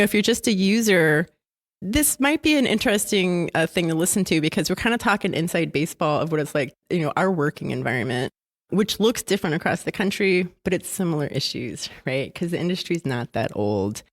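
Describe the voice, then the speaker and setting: A woman guest-hosting a podcast in casual chat at a conference happy hour, giggly and self-deprecating. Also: low voice. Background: drinks and chatter.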